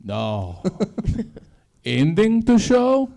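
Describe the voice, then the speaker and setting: A man doing a put-on Russian accent in broken English, a deadpan comic figure musing grandly. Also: sits high, gravelly, full character voice. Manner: slow, grandly philosophical comic delivery. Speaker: comedy show guest.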